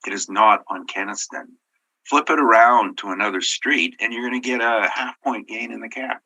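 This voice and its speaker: A man managing a property, presenting his appeal at a formal hearing in an earnest, halting way with many fillers. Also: fairly low pitch, pushed and bright, breathy edge, poor audio.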